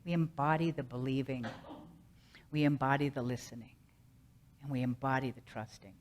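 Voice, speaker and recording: A middle-aged woman minister giving a sermon, earnest and rhythmic, slowly repeating a mantra. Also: extremely low pitch, fairly even intonation, noisy background.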